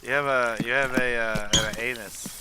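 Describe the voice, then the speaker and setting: A man streaming a game live, excitable and profane, laughing loudly and yelling at his character. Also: medium pitch, normal speed, heavy background noise.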